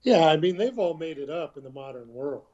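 Man, fairly high voice, muffled lo-fi sound, blunt opinions in casual chat. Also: lively intonation, fairly quick, a little mellow. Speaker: conversation partner.

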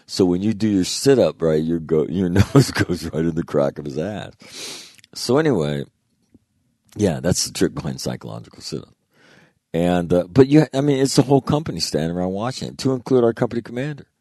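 Very deep-voiced man telling war stories. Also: fairly quick, dry recording, studio quality. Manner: profane, laughing, animated retelling. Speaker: former Marine. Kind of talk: casual storytelling.

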